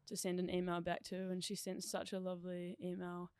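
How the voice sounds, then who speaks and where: A young woman with a New Zealand accent, chatting excitedly as a podcast guest, laughing often and saying "like" a lot. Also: fairly low pitch, fairly quick, smooth, dry recording, clean studio sound. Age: young adult. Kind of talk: casual chat.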